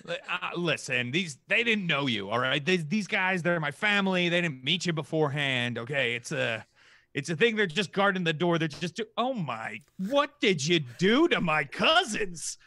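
A man's voice: on the high side, very animated, no echo, exaggerated voice. A man doing a blustery half-ogre warrior. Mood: flustered. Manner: loud, flustered, quick to shout.

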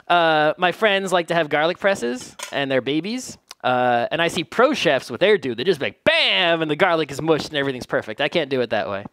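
A man's voice: mid-range voice, a bit bright, no echo. Joking man narrating his home cooking. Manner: joking, rambling, self-deprecating. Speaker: home cook vlogger. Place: home kitchen.

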